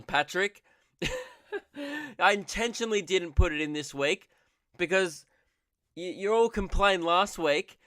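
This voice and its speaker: Young aussie guy rambling on his comedy podcast, sarcastic, kinda high and crisp voice. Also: fairly bright tone, dry recording, clean studio sound. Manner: rambling, sarcastic, laughs at own jokes.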